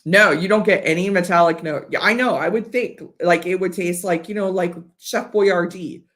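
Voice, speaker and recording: A woman's voice: fairly low pitch, moderate pace, fairly bright tone. A woman from Ohio hosting a casual whiskey livestream, chatty and rambling with fillers and restarts, a bit tipsy. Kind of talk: casual live-stream chat. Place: home studio.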